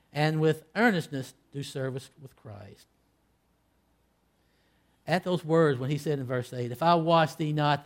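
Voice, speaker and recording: A male preacher with a slightly raised pitch delivers an impassioned sermon. He climbs to loud, emphatic peaks, then drops to hushed, low endings, and voices quoted scripture in old-fashioned wording.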